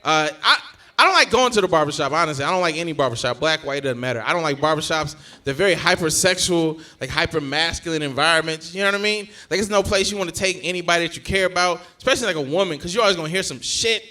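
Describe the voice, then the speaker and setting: A young male stand-up comedian with a high voice, telling his bits in an animated way. His tone is bright and forceful, and he pushes loud punchlines at the crowd. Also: quick pace.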